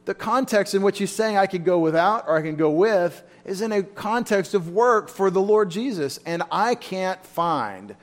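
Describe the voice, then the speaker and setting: A man's voice: high voice, lively intonation, moderate pace, few pauses. A man leads a church Bible study in a loose, conversational way. He often turns to his listeners with questions. His voice sits a little above the usual male range. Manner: informal, asks the room questions. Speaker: Bible teacher.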